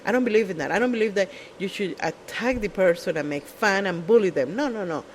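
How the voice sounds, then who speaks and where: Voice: medium pitch, brisk, slight background noise, low-quality recording. A speaker telling stories in a casual monologue, blunt and profane, with non-native English phrasing and a habit of mimicking other people. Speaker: show speaker.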